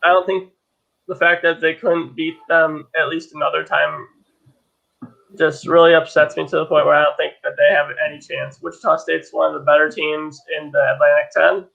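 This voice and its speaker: Young man, blunt picks, gravelly voice, monotone, dull lo-fi audio. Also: fairly high pitch, normal speed. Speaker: panelist. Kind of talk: casual sports chat.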